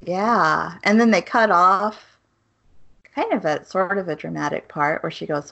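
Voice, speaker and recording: A woman's voice: on the low side, animated, measured pace, creaky, fairly bright tone. A woman co-hosting a podcast in casual chat, laughing often as she retells scenes of a show. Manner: chatty storyteller, laughs often, retells scenes with quoted voices. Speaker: podcast co-host.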